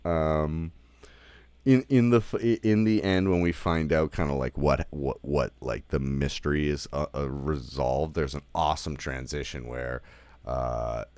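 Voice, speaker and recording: A man's voice: very deep voice, fairly even intonation, unhurried, darkish tone, clean tone, no echo. A man giving a casual spoken film review, rambling with lots of fillers like "like" and "you know", and swearing now and then.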